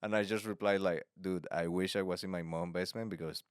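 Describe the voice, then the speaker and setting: Man, low voice, laughs a lot. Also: fairly even intonation, fairly quick, smooth, dry recording, clean studio sound. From Venezuela. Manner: laughs often, stammers and repeats words. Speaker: podcast host. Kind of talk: casual chat.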